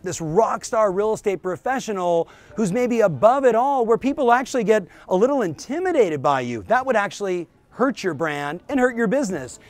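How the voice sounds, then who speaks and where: A real estate business coach hosts his own show, delivering an energetic, emphatic motivational talk directly to the viewer in a voice that sits high.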